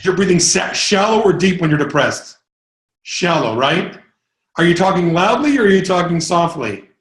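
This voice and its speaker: A man giving a live sales coaching talk to a group, energetic and rambling, breaking into sudden whoops. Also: sits high, moderate pace, reverberant.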